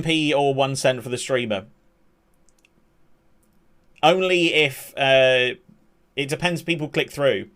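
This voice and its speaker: A man's voice: takes it slowly, long pauses, clear, resonant tone. A young man streaming a football match, calling the play-by-play and chatting with viewers in between. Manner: excitable play-by-play that surges in pitch at attacks, chatty asides to chat. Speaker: streamer and amateur match commentator. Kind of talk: live watch-along commentary mixed with reading chat.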